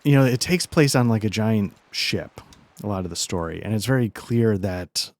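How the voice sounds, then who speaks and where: A man's voice: fairly low pitch, normal speed, darkish tone. Rambling man chatting over gameplay. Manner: rambling, chatty, self-deprecating asides. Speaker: let's play host. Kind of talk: casual commentary while gaming.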